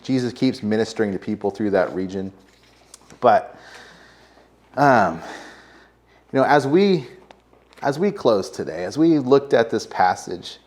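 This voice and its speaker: A man's voice: on the low side, a little mellow. A man with an American accent, a pastor preaching a sermon in a casual, conversational way, with frequent fillers. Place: church sanctuary.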